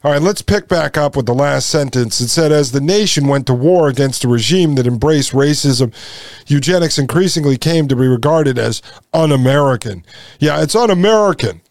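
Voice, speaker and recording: A man's voice: a little high, animated, normal speed, darkish tone, no room sound. A man hosting a podcast, reading a text aloud and breaking off into sarcastic commentary. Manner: sarcastic, mocks with put-on voices. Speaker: podcast host.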